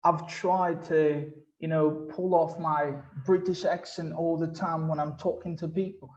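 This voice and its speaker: Lively man in his thirties, slightly high. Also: a little slow, lo-fi sound. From Brazil. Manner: lively, slangy, acts out quotes. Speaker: panelist. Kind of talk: animated storytelling in a panel discussion.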